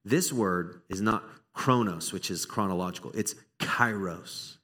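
A man preaching a sermon to his church, conversational and animated, now and then acting out little exchanges between people. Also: low-pitched, a little slow. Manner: animated, conversational, acts out small dialogues. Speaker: pastor. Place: church sanctuary.

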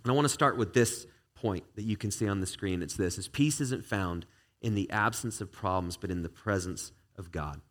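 A man preaching a conversational sermon to a live congregation, relaxed and chatty with frequent restarts. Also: fairly low pitch, moderate pace. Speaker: pastor. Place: church service before a live congregation.

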